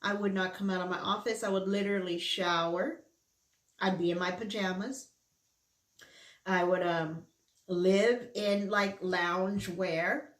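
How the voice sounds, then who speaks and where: A woman's voice: medium pitch, fairly even intonation, unhurried. A middle-aged woman vlogger chatting candidly while she eats, sometimes with her mouth full. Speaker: mukbang vlogger. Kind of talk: casual chat while eating. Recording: roomy indoor echo.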